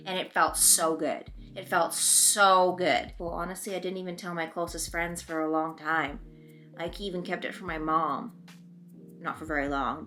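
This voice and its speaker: Young woman vlogger, lowish bright voice, candid confessional chat. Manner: open and conversational, talking while doing her makeup. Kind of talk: candid confessional storytelling vlog.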